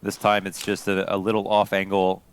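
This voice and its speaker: A man giving relaxed, explanatory color commentary on a competitive shooter match. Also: low voice, normal speed, smooth. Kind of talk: esports analysis commentary.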